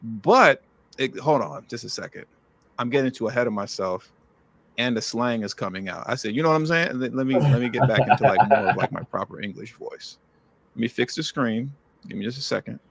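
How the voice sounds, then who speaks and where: A man's voice: medium pitch, expressive, a little fast, vocal fry. A man hosting a political commentary show, sarcastic and slangy, reading articles aloud with running asides. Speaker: host.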